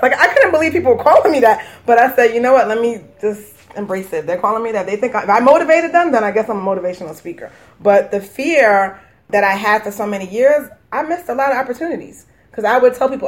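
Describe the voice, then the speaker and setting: A woman hosts a conversational radio interview. She asks questions, laughs easily and acts out little quoted exchanges as she tells her own stories. Her talk is lively and friendly. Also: on the high side, fast. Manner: lively, laughs often, animated retelling. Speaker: host, life coach.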